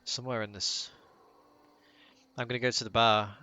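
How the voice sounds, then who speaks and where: A man's voice: medium pitch, level tone, moderate pace, bright, forceful tone. A man playing a tabletop game, asking curious questions in character. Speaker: player.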